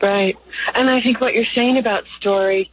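A woman guest in an interview, speaking slowly and earnestly in lyrical phrases, with a husky voice. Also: on the high side, steady tone, dry recording. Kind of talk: reflective interview talk. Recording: dry, tinny phone line.

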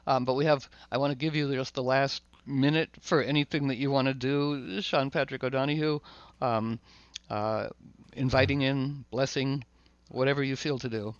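A man hosting a casual spiritual conversation, searching for words, repeating himself, bursting into excited asides. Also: medium pitch, normal speed, no echo, highs cut off. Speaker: host.

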